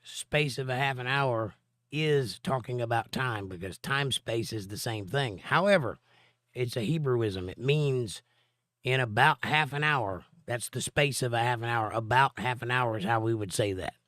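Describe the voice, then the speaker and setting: A hoarse man with laryngitis hosts a casual live stream in a mid-range voice. He reads viewer comments aloud, then answers them with long, explaining Bible talk. The recording is dry and close, with no room sound. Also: mid-range voice, moderate pace, a bit bright, no echo.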